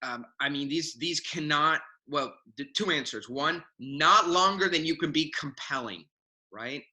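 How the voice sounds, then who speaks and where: A man talking as a guest mentor on a video call, animated and self-mocking, acting out quoted voices. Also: fairly high pitch, a little slow, poor audio. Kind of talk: casual video call chat.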